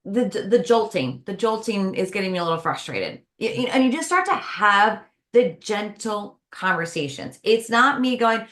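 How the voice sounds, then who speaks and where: A woman speaks as a podcast guest, offering conversational advice on stress. She talks with lively energy and slips into acting out little everyday exchanges to make her points. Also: mid-range voice, moderate pace, hardly any pauses. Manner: lively, acts out everyday dialogue.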